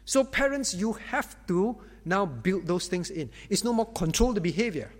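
A male pastor preaching to parents, animated, acting out quoted parents and teens and calling on listeners by name. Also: sits high, moderate pace. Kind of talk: sermon to parents. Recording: long reverb of a hall.

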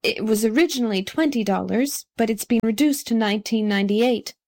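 A wax shop dummy come to life, prim and stiff, asking simple questions with wide-eyed innocence, as a woman reads her part. The voice sits fairly high and has a polite, puzzled manner. It belongs to a storybook read aloud. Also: fairly quick, darkish tone, natural voice. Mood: innocent.

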